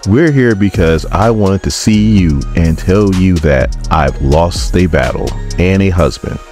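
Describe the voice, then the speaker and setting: A man voicing a bitter, haughty grieving woman scientist, raising his voice high and speaking in a clipped, indignant way for a comic recap. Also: a little slow, music in the background.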